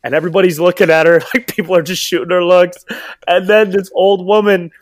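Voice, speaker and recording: A man's voice: sits high, fairly even intonation, fairly quick. A young man co-hosting a casual podcast, telling stories animatedly and laughing often. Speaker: podcast co-host. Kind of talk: casual rewatch podcast chat.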